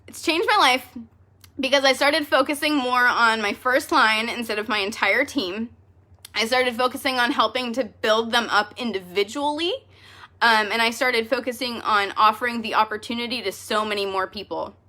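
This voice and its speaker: A woman's voice: fairly high pitch, normal speed, bright, forceful tone. A woman leading a direct sales team, talking casually to her team in a vlog. She is choked up and tearful, laughing at herself through the tears. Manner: emotional, self-deprecating, laughing through tears. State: tearful, choking up.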